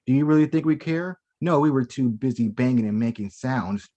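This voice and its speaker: A man reading his spoken-word poetry aloud from home over a video call. His delivery is rhythmic and theatrical, settling into a lower, hushed tone when the verse turns sensual. His pitch sits in an ordinary middle range. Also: fairly quick, dull audio. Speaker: performing poet.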